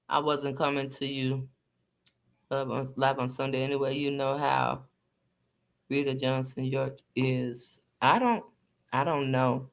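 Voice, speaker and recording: Her voice very deep and a little slow, a lilting woman hosts a relaxed live stream, gossiping with sass. She drags out her words in drawling commentary and throws asides to the people watching.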